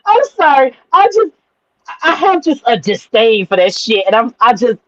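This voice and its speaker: A woman's voice: a little high, sing-song, moderate pace, a bit bright, no echo, muffled recording. A woman co-hosting a podcast who talks casually and bluntly, swears a lot, and restarts her sentences often. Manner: blunt and profane, with frequent stammered restarts. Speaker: podcast co-host. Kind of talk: casual chat.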